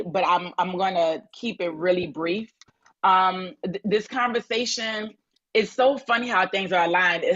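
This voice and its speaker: A woman's voice: lowish voice, fairly bright tone. Effusive rambling woman from New Orleans. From New Orleans, USA. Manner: effusive, rambling storyteller with many restarts. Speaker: audience speaker on a live audio chat. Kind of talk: casual chat. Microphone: phone in an audio-chat app. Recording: lo-fi online audio-room sound.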